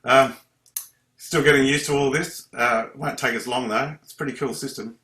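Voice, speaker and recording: A man teaches a live ukulele lesson over a computer video call, his mid-range voice steady, bright and forceful at a normal speed. He chats, breaks off mid-sentence and counts strums aloud, and the room sounds echoey.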